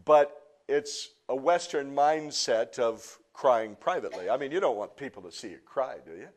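A middle-aged male pastor preaching to a congregation, swinging from soft, hushed teaching to loud, impassioned outbursts and joking with the crowd. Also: medium pitch, animated, moderate pace. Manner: jokes and teases the congregation. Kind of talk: sermon. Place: church before a live congregation.

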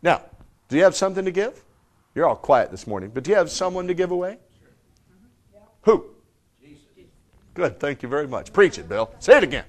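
A man preaches a sermon to a live congregation in a voice pitched a little above the usual male range. He swings from loud, emphatic bursts down to hushed, low lines. He keeps firing rhetorical questions at his listeners. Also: very animated, normal speed, long pauses. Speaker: pastor.

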